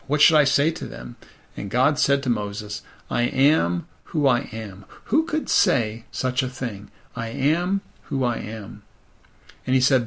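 A man's voice: medium pitch, gravelly, a bit bright. A man preaching a sermon as pastor, conversational and thoughtful, with many "you know" asides.

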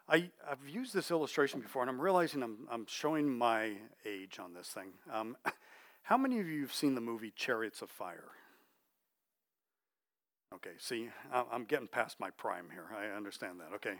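A medium-pitched middle-aged man gives a sermon that's conversational and chatty. He keeps checking in with his audience and drops to a soft voice when emphasizing something.

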